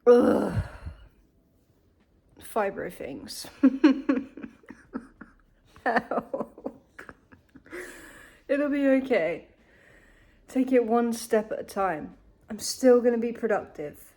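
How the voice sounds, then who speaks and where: A young woman talks to her camera in a loose, chatty vlog, speaking in a fairly high voice. She is in pain but keeps up a candid, animated running commentary, swearing freely as she goes. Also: a little slow. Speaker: vlogger. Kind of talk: casual vlog chat.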